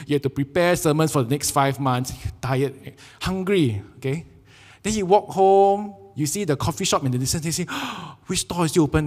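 Young Singaporean male pastor, animated storyteller, slightly higher voice, long church reverb. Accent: Singaporean English. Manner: animated storytelling with frequent "right?" tags. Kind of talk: sermon. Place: church sanctuary.

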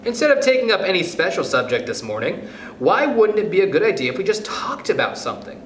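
Guy doing a bossy little mouse teacher, fussy, high and jumpy, echoey room. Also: very animated, fast. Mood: brisk. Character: tiny self-assured mouse playing schoolteacher. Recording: roomy echo, faint noise.

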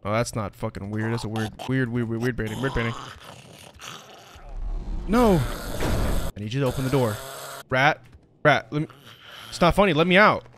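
A man's voice: mid-range voice, lively intonation, measured pace, long pauses, background noise. A young man hosting a let's-play, joking, swearing and laughing as he reacts. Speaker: gaming video host.

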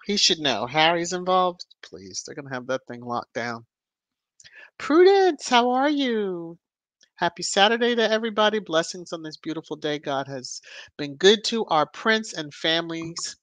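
Slow-talking woman hosting a live chat. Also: sits low, no echo. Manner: chatty, greets viewers by name with lively rises. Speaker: livestream host. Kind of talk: casual live chat reading viewer comments.

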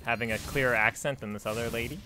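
A man giving casual, rambling commentary while playing a video game, chatty and quick to laugh. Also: mid-range voice, fairly even intonation, pushed and bright, soft background music. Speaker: let's play host.

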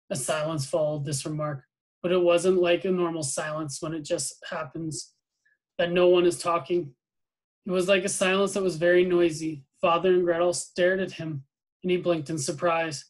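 A man's voice: on the high side, a little fast, low-quality recording. Man reading a novel aloud to students. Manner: plain, even reading with small slips and self-corrections.

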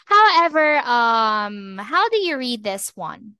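A woman English teacher giving a slow, patient online lesson over a video call. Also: on the high side, sing-song, pushed and bright, smooth, dry recording.

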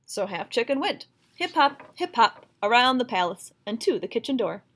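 Expressive woman reading a storybook aloud. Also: fairly high pitch, normal speed.

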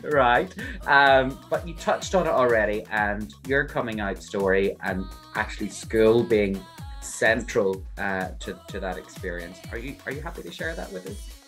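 A man's voice: on the low side, lively intonation, normal speed, fairly bright tone, faint music behind. A man hosting a casual interview, playful and teasing as he leads into questions. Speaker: host. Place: remote call from another country than the guest.

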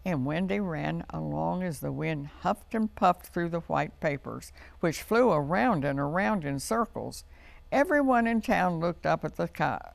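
Slow, gravelly storytelling woman. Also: sits low. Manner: warm, expressive, lilting read-aloud. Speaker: children's TV storyteller host. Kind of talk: reading a picture book aloud to children. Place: TV studio.

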